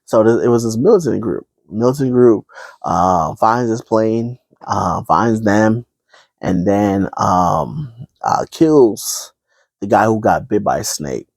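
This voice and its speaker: A man's voice: lowish voice, animated, slow, creaky, darkish tone, dry recording. A man casually retelling a movie plot, rambling, with many fillers and restarts. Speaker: vlogger.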